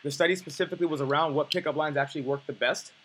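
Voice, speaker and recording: A man's voice: fairly high pitch, fairly even intonation, racing, a bit bright, slight background noise, rough recording. A man coaching on dating, teaching in a blunt, profane, emphatic way. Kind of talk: coaching lesson.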